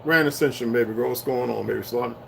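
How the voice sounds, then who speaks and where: A man ranting to his viewers in a loose, profane monologue that swings between heated outbursts and low muttering. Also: quick pace, creaky, fairly bright tone, slight background noise. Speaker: vlogger. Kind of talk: rambling solo rant.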